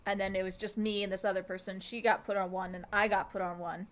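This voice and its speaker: A woman's voice: mid-range voice, level tone, quick pace. A woman co-hosting a gaming video, telling a rambling story at home with lots of laughs and filler words. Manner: chatty storyteller, laughs often, trails off with ums. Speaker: co-host playing a video game. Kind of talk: casual gameplay chat.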